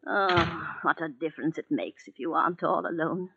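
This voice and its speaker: A woman's voice: low voice, moderate pace, gravelly, bright, forceful tone, breathy edge, no echo, full character voice. An actress in a 1940s radio play voicing a frail, elderly invalid woman in a wheelchair, with a quavering, fretful manner. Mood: fond. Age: older. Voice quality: quavering, fretful, easily startled. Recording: tinny 1940s radio broadcast.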